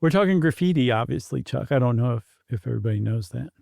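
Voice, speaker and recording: A man's voice: medium pitch, expressive, fast, gravelly, mellow, no echo. A middle-aged man co-hosting a podcast in casual, jokey banter on a studio mic. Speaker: podcast co-host. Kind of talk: casual chat.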